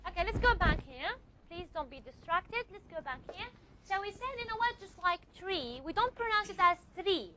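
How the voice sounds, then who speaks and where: A woman's voice: extremely high pitch, animated, normal speed, bright, forceful tone, dull audio, slight background noise. A woman teaching a classroom lecture, repeating and modeling sounds and checking often that students follow.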